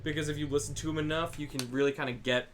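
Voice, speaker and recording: A man's voice: fairly high pitch, steady tone, fast, background noise. Laid-back man chatting on a game stream. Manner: swears freely, laughs often, rambling. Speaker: stream host. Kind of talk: casual chat while gaming.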